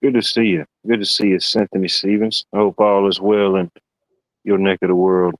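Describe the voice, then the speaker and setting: A man hosting a live stream with a fairly low voice. He chats in a friendly, joking way. The sound is dry and close, with no room echo. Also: level tone, fairly quick. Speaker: host of a live stream panel. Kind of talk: casual live stream chat.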